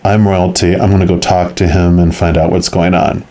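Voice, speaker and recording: A man's voice: low-pitched, flat delivery, normal speed, dark tone, close to an everyday voice. A man voicing a brave young queen, frightened yet determined, with breathless exclamations.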